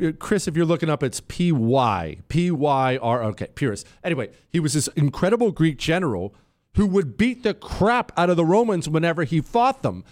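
A man hosting a talk show, explaining a topic with examples in an animated, teasing way. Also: a little high. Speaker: show host. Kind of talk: casual talk show monologue.

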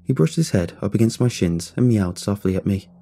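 A man narrating a first-person scary story in a calm, low-key way. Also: a little fast, vocal fry.

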